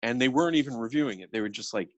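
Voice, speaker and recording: A middle-aged man co-hosting a film podcast, talking in a casual, animated way with many restarts and quoted asides. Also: medium pitch, very fast, no room sound, muffled recording. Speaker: podcast co-host.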